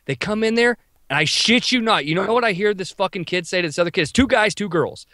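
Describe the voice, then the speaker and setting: A man co-hosting a podcast, telling a wild story in an animated, profane, quick-talking way. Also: high-pitched, no echo, studio quality. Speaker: podcast co-host. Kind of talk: casual storytelling.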